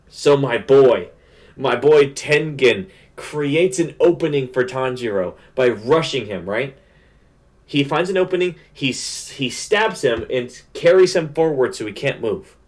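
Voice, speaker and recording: A young man giving a casual spoiler recap of an anime, talking in an excited, slang-heavy rush. His voice sits at an everyday middle pitch, and he piles up fillers as he goes. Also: measured pace. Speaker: anime reviewer.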